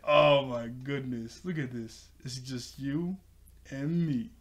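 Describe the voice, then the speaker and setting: Young man, excitable reviewer, repeats himself, laughs often, mid-range voice. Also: mid-range voice, slow. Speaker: TV episode reviewer. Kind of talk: casual video review, retelling scenes.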